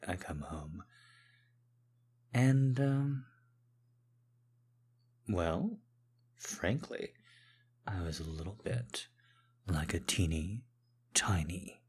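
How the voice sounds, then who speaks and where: Man, whispered role-play, deep voice, husky, slow and soft, teasing partner. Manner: soft-spoken, teasing and affectionate. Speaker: partner back from a trip, addressing the listener.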